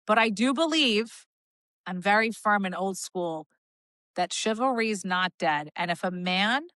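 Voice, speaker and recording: A woman co-hosting a podcast, telling lively stories in casual chat and acting out the people in them. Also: mid-range voice, no echo. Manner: animated storytelling with quoted voices. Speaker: podcast co-host.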